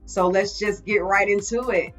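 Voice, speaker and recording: A woman's voice: mid-range voice, steady tone, moderate pace, a bit bright. A woman hosting her reaction channel, opening with an upbeat, chatty greeting. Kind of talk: casual vlog intro. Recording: dull lo-fi audio with faint music.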